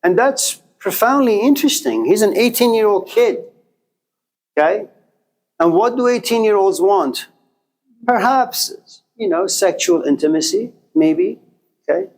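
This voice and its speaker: A man's voice: high-pitched, lively intonation, unhurried, poor audio. A man giving a classroom lecture, asking rhetorical questions and answering them himself, with an occasional chuckle.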